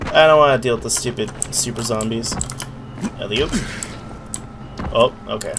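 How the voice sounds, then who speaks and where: A man's voice: medium pitch, moderate pace, background noise. A man giving casual, muttering commentary while playing a video game, swearing when surprised.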